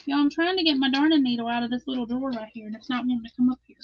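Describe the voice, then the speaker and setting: A woman's voice: high voice, fairly even intonation, racing, hardly any pauses, no echo, lo-fi sound. A middle-aged woman with a Southern drawl, chatting casually as host of a live crochet stream, laughing often and reading viewer comments aloud.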